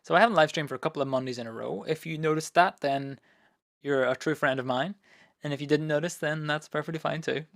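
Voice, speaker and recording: A man hosting his own live stream, chatting casually with viewers and rambling with lots of ums, his voice a little hoarse. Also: a little high, fast talker, no room sound, clean studio sound. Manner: relaxed, rambling, many fillers. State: voice going hoarse. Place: home studio.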